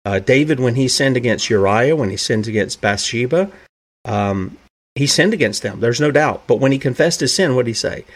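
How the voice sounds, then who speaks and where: A man's voice: mid-range voice, lively intonation, moderate pace. A man preaching a sermon who asks his listeners rhetorical questions and acts out the characters in the stories he tells.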